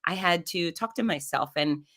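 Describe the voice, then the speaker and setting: Middle-aged woman guest, low-pitched, animated storyteller who acts out quotes. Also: normal speed. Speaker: podcast guest. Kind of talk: conversational storytelling.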